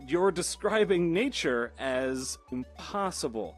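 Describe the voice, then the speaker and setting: Animated man explaining science. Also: on the high side, moderate pace, soft background music. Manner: exasperated, playful storytelling. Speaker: video essay host.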